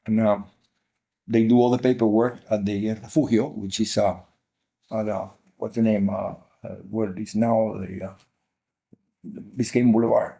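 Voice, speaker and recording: A man's voice: lowish voice, level tone, normal speed, gravelly, dark tone. An older man from Cuba with a Cuban Spanish accent, telling his life story earnestly as an interview guest and repeating key phrases for emphasis.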